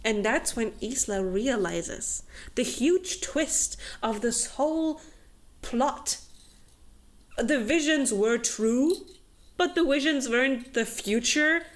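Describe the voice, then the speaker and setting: A woman's voice: on the high side, slow. A young woman co-hosting a book club, casually and sarcastically summarizing a novel with lots of fillers. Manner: animated, many fillers, sarcastic.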